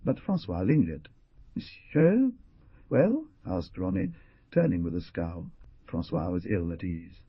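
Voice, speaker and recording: A man narrating an audiobook in a dramatic style, with a husky voice and lively delivery of the characters' lines. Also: sits low, normal speed, dry recording. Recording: dull, muffled studio recording.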